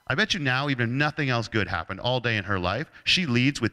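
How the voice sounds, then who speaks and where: A man giving a motivational talk to an audience, telling a humorous personal story in a lively, joking storyteller's manner. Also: mid-range voice, fast talker. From Canada. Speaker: keynote speaker.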